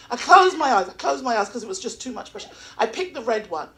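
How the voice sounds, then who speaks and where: A woman's voice: a little high, brisk, hardly any pauses. English woman telling stand-up stories. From England. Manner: animated storytelling, acting out voices. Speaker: stand-up comic. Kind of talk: open mic stand-up comedy. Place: small comedy venue.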